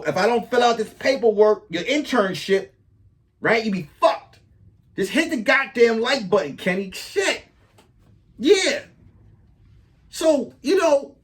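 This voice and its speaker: Male podcast host, comic monologue, high and lively delivery, swears freely. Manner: animated storytelling, profane, riffs on a crew member. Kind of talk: casual comedic monologue.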